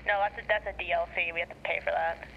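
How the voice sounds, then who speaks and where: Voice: medium pitch, level tone, racing, creaky, lo-fi sound, a little hiss or hum. A gaming partner on voice chat, cracking dry jokes during a co-op drive. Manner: joking, dry wisecracks. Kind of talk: casual gameplay chat.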